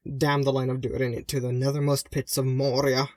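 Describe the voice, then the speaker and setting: A man voicing a grieving dwarf woman whose voice is harsh and rasping from crying, in an audiobook reading. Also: mid-range voice, a little slow, darkish tone, no room sound, clean studio sound, lightly acted. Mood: anguished fury.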